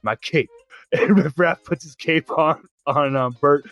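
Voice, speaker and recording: A man's voice: on the high side, takes it slowly, a bit bright, no echo, soft background music. A man playing a tabletop role-playing game, talking in a playful, laughing way. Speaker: player. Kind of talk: tabletop role-play chat.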